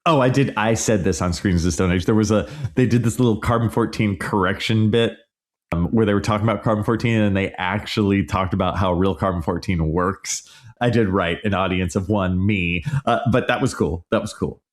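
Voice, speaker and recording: A man's voice: on the low side, steady tone, brisk. A middle-aged man hosting a casual solo podcast, reviewing a movie in a frank, exasperated rant. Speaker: podcast host.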